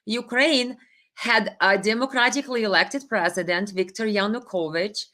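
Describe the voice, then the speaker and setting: A woman's voice: medium pitch, moderate pace, sharp tone. A woman hosting a live stream, reading viewer comments and giving opinionated, sarcastic commentary with many fillers.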